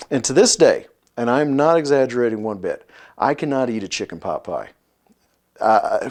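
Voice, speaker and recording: A middle-aged man preaching a sermon as pastor, telling stories and acting out voices from scripture. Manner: storytelling, acts out Bible voices with rising pitch.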